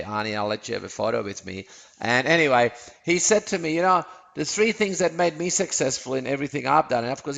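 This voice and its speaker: A man's voice: fairly high pitch, vocal fry, fairly bright tone. A man presenting a sales webinar, upbeat and persuasive, often asking his listeners rhetorical questions.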